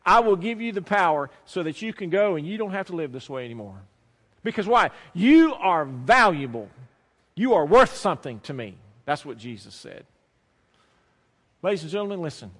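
Male preacher with a high voice, emphatic storytelling delivery, long hall reverb. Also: sing-song, normal speed, a bit bright. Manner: emphatic, storytelling with acted quotes, repeats phrases. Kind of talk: sermon with personal story.

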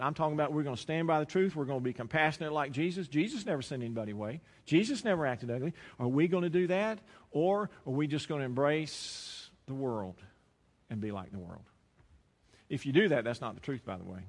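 Preacher in an echoing hall. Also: male voice, medium pitch. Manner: storytelling, rising to loud emphatic preaching. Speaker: pastor. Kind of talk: sermon.

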